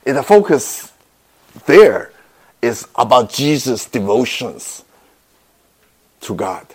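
Slow-speaking male pastor preaching. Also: mid-range voice, big pitch swings, darkish tone, husky. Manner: slow, halting delivery with repeated words and non-native grammar. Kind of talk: sermon.

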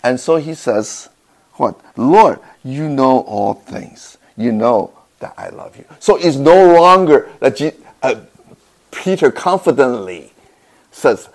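Slow-speaking male pastor preaching. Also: medium pitch, animated. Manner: slow, halting delivery with repeated words and non-native grammar. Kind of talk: sermon.

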